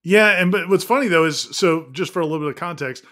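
Bright-voiced man explaining sports context. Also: high-pitched, fast talker. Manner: explanatory, laughs easily. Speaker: sports show co-host. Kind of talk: casual sports chat.

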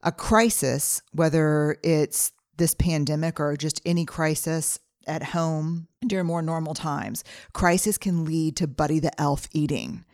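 A woman's voice: deep voice, measured pace, a little mellow, no echo, clean studio sound. Earnest woman podcaster sharing family advice. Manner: earnest, personal, listing steps with anecdotes. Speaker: podcast host. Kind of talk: reflective solo podcast talk.

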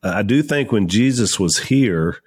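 A man co-hosting a casual podcast. He reads an ad read and joins in the talk in a relaxed way. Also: on the low side, normal speed, breathy edge. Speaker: podcast co-host, son.

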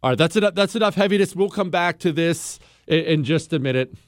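A man in his forties hosting a radio talk show, telling a story with lively, mock-outraged quotes and then taking calls. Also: on the high side, quick pace, no room sound, studio quality.

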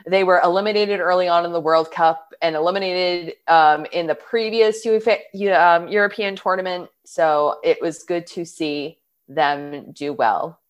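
A woman's voice: lowish voice, normal speed, hardly any pauses. Opinionated woman in casual sports chat. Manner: eager, opinionated sports talk.

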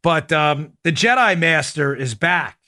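Animated, bright-voiced male talk host. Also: on the high side, a little slow. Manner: animated, indignant, often addresses listeners as folks. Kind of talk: political commentary talk show.

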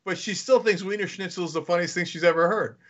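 A man's voice: high voice, quick pace, over a noisy crowd. A middle-aged man hosting a podcast, joking and chuckling often in casual chat. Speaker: podcast host. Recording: dull lo-fi recording.

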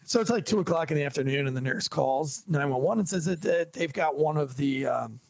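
A police officer spins a story on a podcast, animated and joking. His voice is gravelly and husky, set somewhat high for a man. The sound is dry and close. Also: a little fast, no echo. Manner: animated, jokey storyteller, acts out dialogue.

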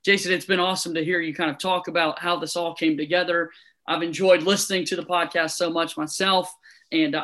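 A man's voice: fairly high pitch, fairly bright tone. A man hosting a podcast interview, thanking and promoting his guest in a friendly way. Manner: friendly, appreciative wrap-up of a guest. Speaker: podcast host.

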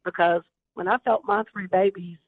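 A woman's voice: on the low side, steady tone, moderate pace, slightly rough, no echo. A woman calling in to a radio show, speaking in a heartfelt way. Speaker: caller. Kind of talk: phone-in call. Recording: phone line.

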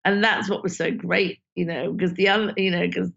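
Gravelly woman director. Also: lowish voice, steady tone, fairly quick. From Britain. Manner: warm, emotional, frequent "you know" fillers. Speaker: film director guest. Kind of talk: casual interview chat. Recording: dull lo-fi sound.

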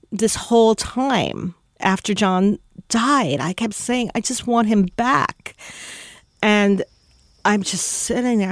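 A widow telling a heartfelt personal story about grief, pausing often. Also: female voice, mid-range voice, dry recording.

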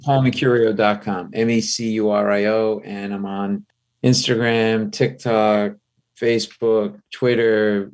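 A male comedian guest on an interview, telling self-mocking stories in an animated way. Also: fairly low pitch, measured pace. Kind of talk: casual storytelling interview.

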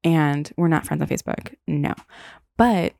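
A woman's voice: deep voice, measured pace, vocal fry, warm tone, dry recording. A young woman hosting a solo podcast, telling stories casually with lots of "like" and "um". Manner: casual, rambling, frequent "like" and "um". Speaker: podcast host.

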